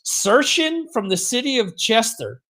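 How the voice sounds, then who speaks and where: A man's voice: very high voice, sing-song, measured pace, bright, forceful tone. A middle-aged man hosting a podcast in a rambling, self-mocking casual chat. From United States. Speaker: podcast host.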